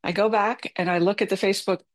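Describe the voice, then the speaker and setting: A woman's voice: medium pitch, fairly even intonation, fast. A middle-aged woman telling a self-deprecating personal story as advice, candid and chatty with filler words. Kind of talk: personal advice talk with anecdote.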